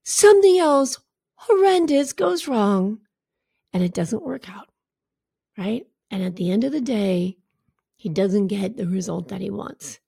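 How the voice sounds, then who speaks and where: A woman speaking at a middle pitch with a gravelly edge, talking straight into a close, dry mic. She hosts her own podcast as a coach and tells stories in an earnest, personal way, often turning to the listener with a quick "right?". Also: warm tone, no echo. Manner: earnest storyteller who often asks "right?". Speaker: podcast host and recovery coach.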